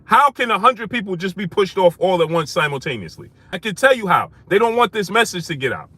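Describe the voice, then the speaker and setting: A man hosting a live stream, shouting out viewers by name and repeating phrases for emphasis as he rises to heated outrage. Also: high voice, big pitch swings, a little fast, breathy edge.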